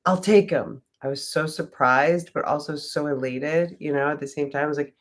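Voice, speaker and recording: A woman's voice: low-pitched, steady tone, a little fast. A woman casually telling a personal story, rambling with lots of "like" fillers and swearing freely. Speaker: vlogger.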